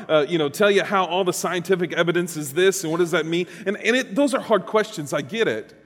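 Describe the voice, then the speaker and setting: A pastor preaching a sermon, conversational and dynamic, with rhetorical questions and humor. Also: male voice, fairly high pitch, big-room sound.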